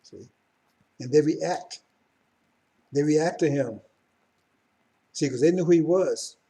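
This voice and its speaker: A man in middle age giving a live religious talk to his followers. His voice is warm and mellow, and his delivery rambles, with restarts and asides. When he presses his message, it turns fervent and insistent. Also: on the high side, slow. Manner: rambling, self-correcting, rising to fervent emphasis. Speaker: religious teacher.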